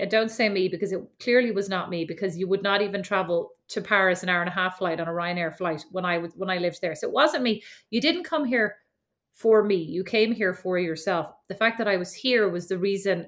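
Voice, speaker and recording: A woman's voice: medium pitch, fairly quick, fairly bright tone. An Irish woman co-hosting a podcast in casual, wry, often laughing chat. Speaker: podcast co-host.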